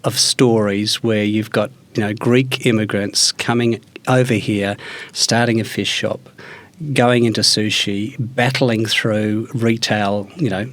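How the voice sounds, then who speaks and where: A man's voice: lowish voice, steady tone, slow, a bit bright. A man hosting a podcast interview, asking questions and encouraging his guest casually. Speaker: podcast host.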